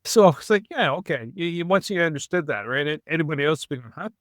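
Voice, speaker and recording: A man's voice: fairly high pitch, lively intonation, fast, fairly bright tone, no room sound, clean studio sound. A man with a Canadian accent, hosting a casual interview. He is conversational and curious. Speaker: podcast host.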